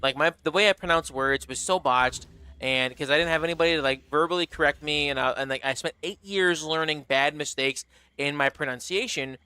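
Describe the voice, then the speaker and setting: An American man chatting casually on a game live stream, rambling and animated, with lots of fillers and restarts. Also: on the high side, a little fast, clear, resonant tone, dry recording. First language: English.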